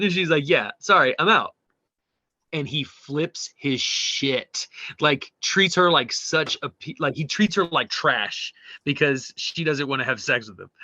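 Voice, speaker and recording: A man co-hosting a podcast, casually retelling a show and reading memes aloud, animated and swearing freely. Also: a little high, no echo, lo-fi sound. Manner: animated, swearing, mimics quoted people. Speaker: podcast co-host.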